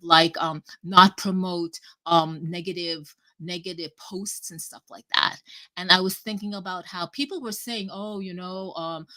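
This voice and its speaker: A woman talking casually and at length on a live audio chat, rambling and animated, cutting herself off and swearing freely. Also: lowish voice. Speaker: guest speaker.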